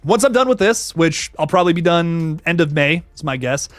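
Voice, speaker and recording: A young man chats through a horror livestream in a lively voice that jumps up and down in pitch. He talks in slang and hypes up his viewers as he reads their messages. The sound is dry and close, with faint music playing underneath. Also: normal speed, no room sound. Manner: animated, slangy, hypes and thanks viewers by name. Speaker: horror channel host reading live chat. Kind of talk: casual livestream chat.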